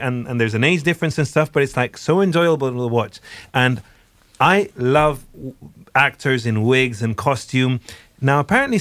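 A man's voice: on the high side, a bit bright, dry recording. A young man presenting on the radio in casual chat, rambling and cutting himself off often, with frequent laughs. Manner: chatty, rambling, self-interrupting, laughs often. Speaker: radio presenter reviewing a series.

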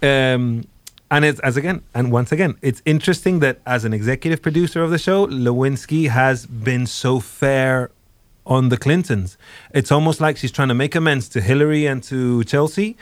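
A man talks loosely on a podcast, circling back and restarting his sentences as he goes. His voice sits at an ordinary pitch, recorded close and dry with no room sound. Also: moderate pace, no echo. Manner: rambling, with fillers and restarts. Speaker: podcast co-host. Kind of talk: casual chat reviewing a TV series.

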